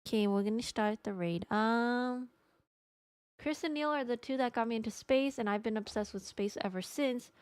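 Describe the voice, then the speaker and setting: A woman's voice: fairly high pitch, moderate pace, smooth, dry recording. A young adult woman chatting casually with her live-stream audience, rambling and joking at her own expense. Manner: chatty, rambling, self-mocking.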